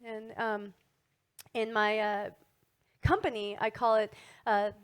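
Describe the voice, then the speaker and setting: A middle-aged woman giving a motivational wellness talk to an audience, animated and asking frequent tag questions. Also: mid-range voice, slow, clear, resonant tone. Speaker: wellness speaker.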